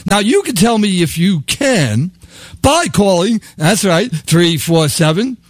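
Man, older, American, talk radio host, sarcastic, chuckling, lively, dry studio mic. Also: sits high, takes it slowly, dry recording. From United States. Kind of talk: call-in talk radio monologue.

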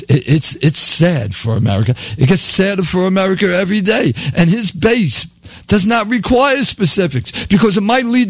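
A man's voice: sits high, no room sound. A man delivering a satirical comedy monologue, sarcastic and laughing at his own jokes.

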